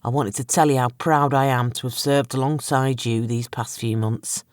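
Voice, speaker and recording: A woman's voice: extremely low pitch, fairly even intonation, normal speed, a little mellow, no room sound, studio quality. A woman voicing a middle-aged male police chief, strained and heavy with emotion. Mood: desperate.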